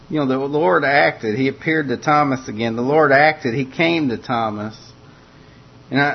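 A man's voice: creaky, husky. A man preaching a sermon, earnest and repeating phrases for emphasis. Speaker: pastor. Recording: muffled lo-fi recording with faint rumble.

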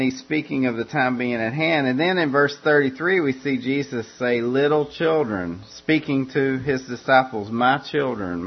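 A man preaching a verse-by-verse sermon in a measured, repetitive way, often restarting his phrases. His voice sits at an ordinary middle pitch. The recording is dull and lo-fi, with a low mains hum running underneath. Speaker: pastor. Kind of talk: expository sermon.

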